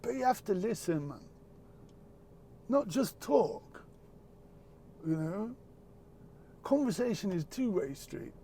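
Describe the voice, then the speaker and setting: A man speaking earnestly in a reflective, casual chat, halting and repeating words as he goes, with the odd swear word. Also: high voice, sing-song, dark tone, a little hiss or hum.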